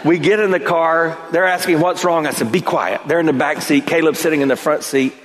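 A middle-aged pastor with a drawl, his slightly high voice ringing with a long church reverb. He tells a personal story from the pulpit, building to emphatic peaks. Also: fairly quick. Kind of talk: sermon. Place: church sanctuary.

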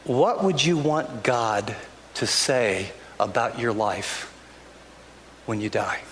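A man's voice: medium pitch, slow pace, a bit bright, slight background noise. An older man, a pastor, preaching a sermon in a church in an earnest, conversational way, often restarting his sentences. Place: church sanctuary. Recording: long hall reverb, faint ambience.

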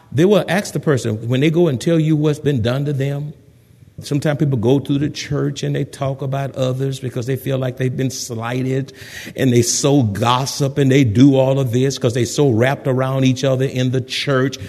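A man preaching a sermon in an animated way, acting out the voices of gossiping people. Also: mid-range voice, vocal fry, big-room sound. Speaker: pastor.

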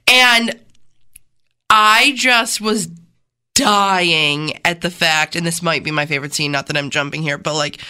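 A female morning radio cohost chatting in emphatic, quick bursts with asides. Her voice sits fairly low for a woman but has a bright, forward tone. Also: clear, resonant tone. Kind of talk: casual radio banter.

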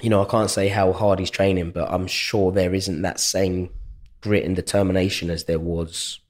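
A young man with a London accent, chatting as a fighter guest on a podcast, telling lively anecdotes and acting out what people said to him in a raised voice. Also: normal speed. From England. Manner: chatty storyteller, acts out quotes in a higher voice. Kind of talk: casual podcast interview.

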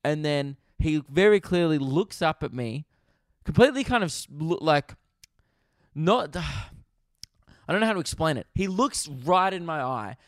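A man's voice: a little high, lively intonation, measured pace, dry recording, clean studio sound. A young Australian man hosting a podcast, telling a funny story in a laid-back way, swearing freely and laughing at himself. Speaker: podcast host. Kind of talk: casual storytelling.

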